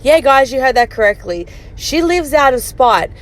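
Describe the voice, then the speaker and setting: A woman's voice: high voice, animated, moderate pace. A woman hosting a podcast, giving snarky, mocking commentary on a streamer, with some swearing.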